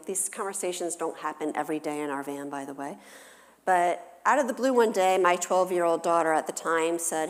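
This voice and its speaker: A middle-aged woman counselor giving a church talk, telling family stories with animation and acting out her children's voices. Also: fairly low pitch. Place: church sanctuary. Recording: long hall reverb.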